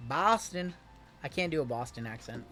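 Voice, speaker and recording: A man's voice: high-pitched, expressive, normal speed, music in the background. A man hosting a live card-break stream, calling out each pull in an upbeat, chatty, teasing way.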